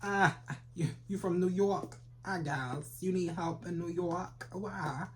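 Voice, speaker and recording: A tarot reader talks over an audible layer of background noise and clicks. The delivery is loose and profane, full of trash talk aimed straight at viewers. The voice sits at a middle pitch. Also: slow, darkish tone. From Philadelphia. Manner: brash and profane, trash-talking with sudden laughs. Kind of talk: casual tarot reading for viewers.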